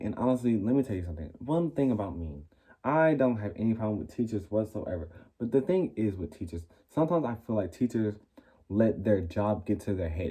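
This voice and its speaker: A man's voice: fairly low pitch, breathy edge. Sassy young man telling a story. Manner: animated, sassy, acts out quoted lines. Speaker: vlogger. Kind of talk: casual storytelling.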